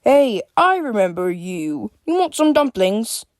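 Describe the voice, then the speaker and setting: A woman's voice: fairly high pitch, very animated, a little slow, no room sound, studio quality, voice pushed up. A woman voicing a friendly, chuckling male dumpling vendor who talks in an easygoing way.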